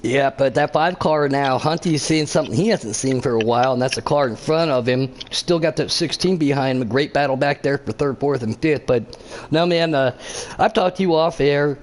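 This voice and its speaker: A man's voice: medium pitch, normal speed. A man giving casual, joking commentary on an online race, laughing often. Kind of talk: casual sim-racing commentary.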